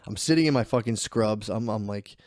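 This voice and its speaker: A man's voice: on the low side, brisk, a little mellow, dry recording, clean studio sound. A young man co-hosting a podcast, telling a story in a loose, rambling way, swearing and laughing often. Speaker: podcast co-host. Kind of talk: casual chat.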